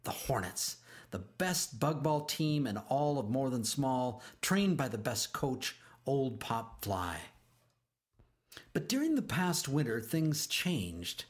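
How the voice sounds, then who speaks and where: A man narrating a children's storybook aloud, expressive and slowing down for emphasis. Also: medium pitch.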